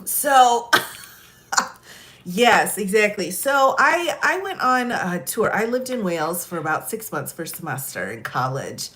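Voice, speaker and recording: Bright-voiced giggly woman streamer. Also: medium pitch, sing-song, a little slow. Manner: giggly, chatty, lots of laughter. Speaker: live streamer. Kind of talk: casual live-stream storytelling.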